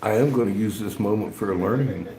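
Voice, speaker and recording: A man's voice: lowish voice, fast talker, mellow. A man, chatting casually on a livestream, rambling and chuckling often. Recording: echoey room, faint background noise.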